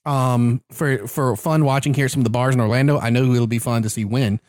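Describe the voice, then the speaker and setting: A man's voice: mid-range voice, fairly quick, dry recording, studio quality. A man co-hosting a casual sports and beer podcast, jokey and chatty with many fillers. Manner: animated, jokey, hesitant with fillers. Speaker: podcast co-host. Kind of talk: casual chat. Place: Orlando, Florida.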